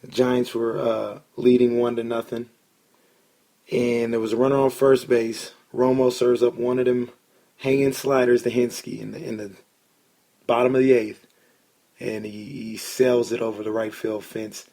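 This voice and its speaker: A man hosting a casual sports podcast, an excitable storyteller who swears when he gets worked up. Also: medium pitch, measured pace, vocal fry. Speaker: podcast host.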